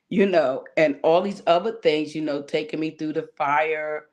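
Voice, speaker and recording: A woman's voice: low-pitched, steady tone, unhurried, hardly any pauses. A woman, a guest on a talk show, telling her personal faith testimony in an earnest, emotional way, near tears at times, with many fillers.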